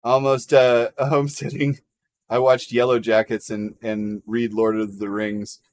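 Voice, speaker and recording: A man's voice: medium pitch, level tone, measured pace, darkish tone, no room sound. A man hosting a casual livestream chat, joking around, laughing often and reading out viewer comments. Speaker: livestream host.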